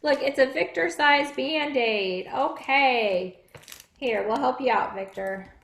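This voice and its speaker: Woman pastor, high voice, friendly, questions kids; children's message in an echoey room. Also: slow pace, vocal fry, a bit bright.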